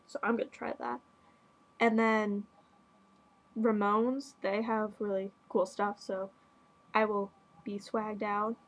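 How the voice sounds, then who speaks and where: A teenage girl hosting a casual podcast, bubbly and gushing with quick asides. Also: on the high side, slightly rough, low-quality recording. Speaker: podcast host. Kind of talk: casual chat.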